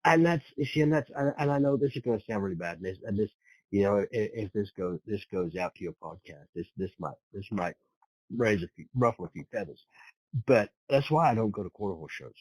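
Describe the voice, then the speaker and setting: A man's voice: on the low side, lively intonation, fairly quick, a little mellow, slightly rough, no room sound, poor audio. A man from Britain, a horse trainer, telling rambling stories as a podcast guest, repeating words and swearing now and then. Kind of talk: casual storytelling.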